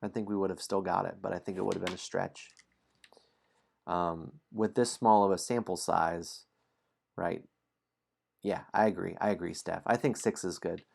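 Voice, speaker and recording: A man streams a dice game, chatting casually with viewers and reading story passages aloud in a low, creaky voice at a moderate pace. He pauses often and stays relaxed, chuckling frequently between lines.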